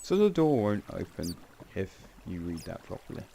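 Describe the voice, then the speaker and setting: A man's voice: low voice, big pitch swings, normal speed, gravelly, dark tone, slight background noise. A man giving casual, rambling gameplay commentary with wry asides and frequent self-corrections. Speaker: game channel host.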